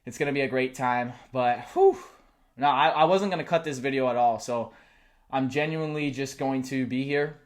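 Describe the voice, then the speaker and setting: A young man vlogging about college football, talking live and out of breath, excited and rambling. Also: medium pitch, fairly quick. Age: young adult. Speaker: sports vlogger. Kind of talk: live unscripted vlog reaction. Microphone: close mic, camera and laptop.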